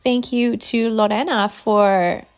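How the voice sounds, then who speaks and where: A woman's voice: a little high, steady tone, slow pace. A woman telling a heartfelt personal story as a mother, emotional and laughing often, with many restarts.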